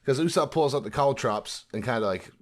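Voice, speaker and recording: A man co-hosting a podcast in casual chat, animated, recapping scenes and acting out quoted lines. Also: medium pitch, brisk. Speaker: podcast co-host.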